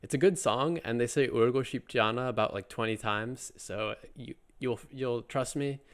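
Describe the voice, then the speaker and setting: This man, a Korean teacher, talks fast in a mid-range voice during a casual lesson. He jokes around, loops back on points, and fills it with fillers and restarts.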